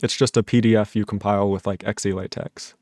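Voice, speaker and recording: A man's voice: fairly low pitch, fairly even intonation, fast, a little mellow, dry recording. A man on a casual live stream, reading chat messages aloud, laughing often and puzzled by the jokes.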